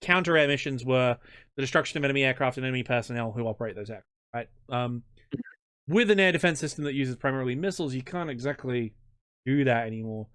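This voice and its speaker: An Australian man hosting a history channel, chatting casually in an interview, joking and self-deprecating with halting restarts. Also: medium pitch, fairly bright tone, clean tone, no echo, studio quality.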